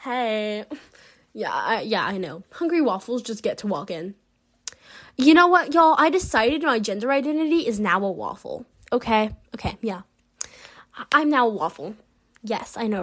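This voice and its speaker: A woman's voice: fairly high pitch, fairly bright tone. A young woman casually rambling through a vlog, incredulous and laughing often, with lots of fillers. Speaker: vlogger. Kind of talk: casual unscripted commentary.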